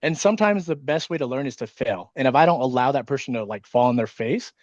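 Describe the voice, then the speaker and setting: A man who leads an insurance sales team talks casually on a video call, fast and nervous from caffeine, swearing often. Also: mid-range voice, expressive, dry recording, muffled recording. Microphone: video call microphone.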